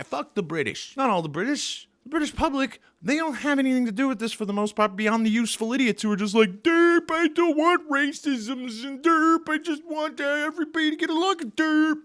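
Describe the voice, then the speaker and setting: A man's voice: a little high, fairly bright tone. A man doing an angry, profane, sarcastic comedy rant as a vlogger.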